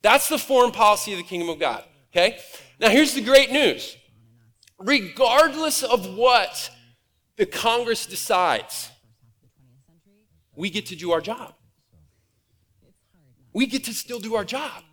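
A man from Nebraska preaching a conversational, animated sermon from a church stage. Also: high voice, measured pace, long pauses. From Nebraska, USA. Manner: conversational and animated, acts out quoted voices. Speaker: pastor. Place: church auditorium. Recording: reverberant hall.

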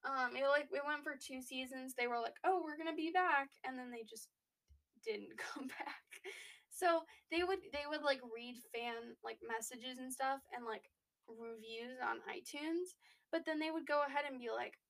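A young woman with a high voice chats casually as a podcast co-host. She talks loosely, packing in fillers and restarting sentences as she goes. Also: steady tone, normal speed, a bit bright. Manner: chatty, lots of fillers and restarts. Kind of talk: casual chat.

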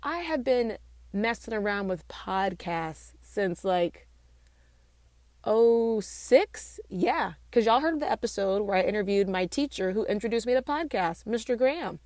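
A woman in her late twenties hosting a casual solo podcast, chatty and playful, joking at herself with quick asides, recorded in a small home studio room. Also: mid-range voice, animated, darkish tone, no echo. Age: late 20s. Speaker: podcast host.

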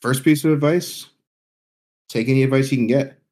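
A man's voice: mid-range voice, moderate pace, darkish tone. A man talking plainly as a guest on a casual streaming podcast.

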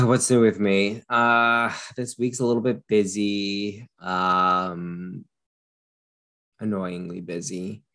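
A man in his thirties with a lowish voice co-hosts a relaxed chat podcast. He is reassuring and playful and laughs easily as he talks. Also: creaky. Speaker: podcast co-host. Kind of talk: casual chat.

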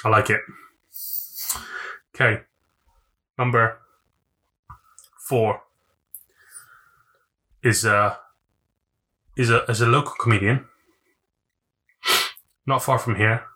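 A man's voice: mid-range voice, steady tone, slow, long pauses, sharp tone. A young man co-hosting a podcast, joking and swearing in loose casual banter. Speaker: podcast co-host.

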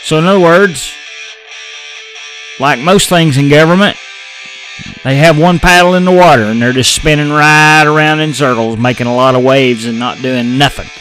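A man's voice: fairly high pitch, moderate pace, fairly bright tone, soft background music, rough recording. An American man hosting his own podcast in a blunt, folksy way, swearing casually as he rants about news and sports. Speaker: podcast host. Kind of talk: casual political podcast rant.

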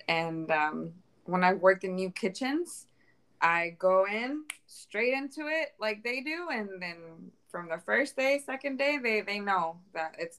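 A woman talking animatedly in a casual chat, slipping into Spanish phrases. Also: medium pitch. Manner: animated, code-switches into Spanish.

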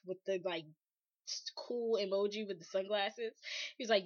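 A woman's voice: medium pitch, very animated, normal speed, sharp tone, highs cut off. A woman co-hosting a casual chat, telling a story animatedly and quoting both sides of a conversation. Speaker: podcast co-host telling a story.

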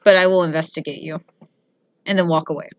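A young woman chats with friends in a slightly low voice, rambling through anecdotes and acting out the people in them. The recording is dry and a little muffled, with no room sound. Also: fairly even intonation, a little fast, dry recording. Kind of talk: casual chat.

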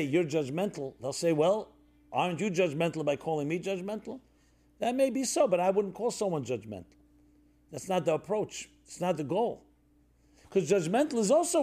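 Mellow-voiced man teaching with gentle parables. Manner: reflective, tells parables, drops to a soft low voice for stories; conversational with fillers and restarts. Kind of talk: sermon-style talk.

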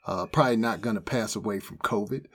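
A man's voice: on the low side, quick pace, fairly bright tone, slightly rough. A man hosting a casual podcast chat, steering the topics along. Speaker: podcast host.

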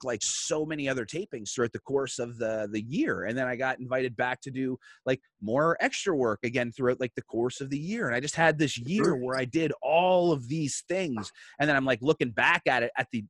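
A young man telling a story in a casual podcast chat, animated, swearing often and restarting his sentences. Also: medium pitch, dry recording.

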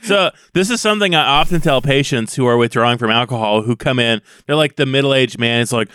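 A man's voice: medium pitch, a little fast, few pauses, a bit bright, clear, resonant tone, no room sound, studio quality. A man co-hosting a casual podcast, joking and laughing often as he tells stories. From USA. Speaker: podcast co-host. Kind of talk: casual chat.

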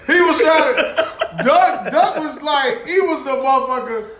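High-voiced man, rowdy storyteller. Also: lively intonation, unhurried, a bit bright. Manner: rowdy storytelling, swearing, laughing. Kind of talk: casual chat. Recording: echoey room with faint noise.

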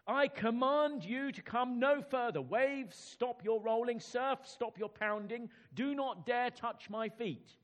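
A man's voice: very high voice, slow pace, hardly any pauses, a bit bright, pitched above the performer's own voice, heavily acted. A man voicing a proud medieval king giving orders, in a storybook reading. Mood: commanding.

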